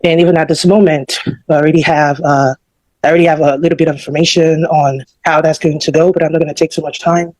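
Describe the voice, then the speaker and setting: A man's voice: on the high side, level tone, fast talker, a little mellow, no room sound, low-quality recording. A man out of breath, giving rambling prepared remarks as an official on an online call, with fillers and self-corrections. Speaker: government department official. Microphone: online call audio.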